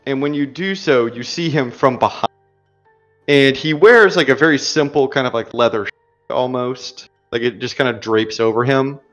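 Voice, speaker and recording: A man narrating a tabletop role-playing game as game master, in a slow and measured way. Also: medium pitch, fairly bright tone, muffled recording, soft background music.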